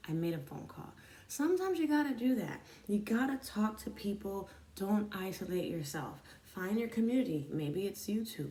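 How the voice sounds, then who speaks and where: Earnest woman, gravelly voice, echoey room. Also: medium pitch, mellow, recorded from a distance. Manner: earnest, confessional, addresses viewers as guys. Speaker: sobriety vlogger. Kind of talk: candid personal talk to camera. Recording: echoey room, voice a bit off-mic.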